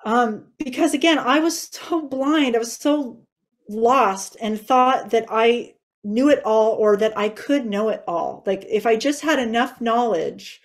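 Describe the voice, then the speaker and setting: A woman's voice: fairly high pitch, a little slow. Earnest emotional woman telling her testimony. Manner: earnest and emotional, tearful at times. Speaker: guest sharing testimony. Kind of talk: personal testimony interview.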